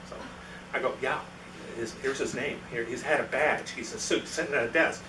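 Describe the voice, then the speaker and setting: A man's voice: fairly high pitch, a little fast, noisy background. A man giving a storytelling talk to a club meeting, acting out the voices of the people in his anecdote. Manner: anecdotal, acts out quoted dialogue. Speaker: guest presenter at a club meeting. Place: meeting room. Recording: echoey room, mic from far off.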